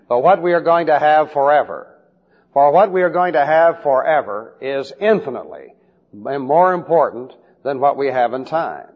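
A man preaching in a deliberate style, teaching Bible doctrine, and spelling out Greek words letter by letter. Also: a little high. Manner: slow, deliberate emphasis on key phrases. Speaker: pastor. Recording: dull lo-fi recording with long hall reverb.

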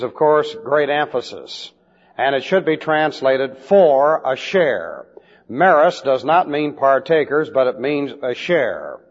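A man preaching in a deliberate style, teaching Bible doctrine, and spelling out Greek words letter by letter. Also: medium pitch. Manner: slow, deliberate emphasis on key phrases. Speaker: pastor. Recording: dull lo-fi recording with long hall reverb.

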